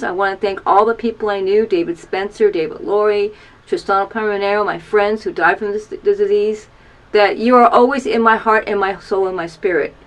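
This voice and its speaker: A woman in her fifties gives an earnest personal testimony to camera in a small video booth. She urges listeners with repeated calls to action and is openly emotional, her voice sinking low at times. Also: poor audio. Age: 50s. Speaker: storyteller sharing an HIV testimony.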